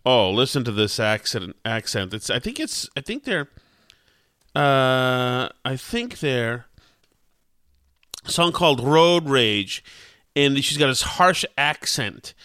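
A man's voice: mid-range voice, slow pace, clean tone, dry recording, clean studio sound. A man co-hosting a radio show who chats casually and jokes with enthusiasm. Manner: animated, enthusiastic, joking. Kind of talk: casual chat.

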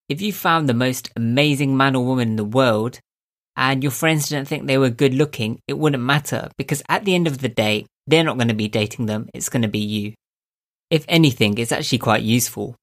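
Earnest man with a nasal voice. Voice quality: squeaky and nasal, as he describes it. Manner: calm, earnest, coaching tone with rhetorical questions. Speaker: self-help video host. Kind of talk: reflective motivational talk to camera.

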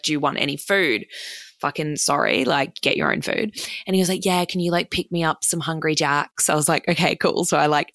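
A woman's voice: low-pitched, creaky, a bit bright, no echo. A young Australian woman casually telling a dating story, chatty and swearing freely, full of "like" and acted-out quotes.

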